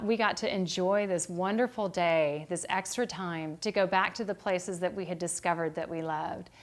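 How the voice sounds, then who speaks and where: A middle-aged woman teaching a devotional Bible study lesson, speaking in a calm and gentle way. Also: on the low side. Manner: calm and gentle, growing quieter toward a meditative close. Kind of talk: reflective devotional talk.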